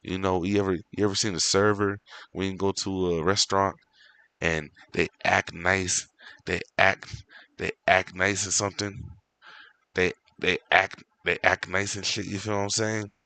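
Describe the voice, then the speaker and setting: A man's voice: low-pitched, level tone, moderate pace, sharp tone. A man in his thirties hosting a livestream, ranting casually in a profane, slangy way and often repeating himself. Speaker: livestream host. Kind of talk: casual rambling rant to chat.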